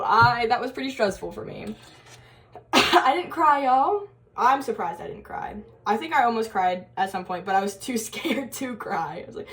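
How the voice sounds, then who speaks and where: A woman's voice: on the high side, moderate pace. A young woman telling a story in a casual college vlog, chatty and giggly, full of fillers and quoted asides. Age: young adult. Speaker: college vlogger.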